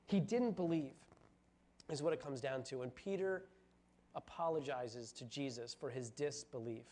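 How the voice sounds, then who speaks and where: A pastor preaching a sermon, telling a Bible story with animated storytelling and acting out the quoted voices. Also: male voice, medium pitch, moderate pace.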